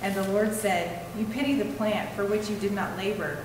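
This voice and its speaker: A woman reading a scripture passage aloud in a steady, measured way. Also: medium pitch. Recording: distant mic in an echoey hall with room noise.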